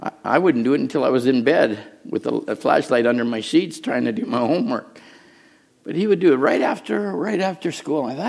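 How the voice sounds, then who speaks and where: Man, middle-aged pastor, gravelly voice, sermon, storytelling, hushed then raised. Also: mid-range voice, lively intonation, fairly quick. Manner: storytelling, shifts between hushed asides and raised preaching. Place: church.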